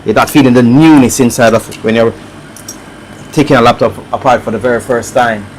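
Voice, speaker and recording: A man with a Jamaican accent chatting casually on a live stream as he works on a repair, reading viewer comments aloud and thinking out loud. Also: mid-range voice, fairly even intonation, fairly quick, a little hiss or hum, rough recording. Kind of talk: casual live-stream chat while working.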